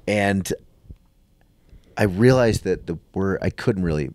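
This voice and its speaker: A man's voice: low voice, slow, no room sound. A man, a comedian guest, telling a story in casual chat and acting out the voices of the people in it. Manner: animated, acts out quoted voices.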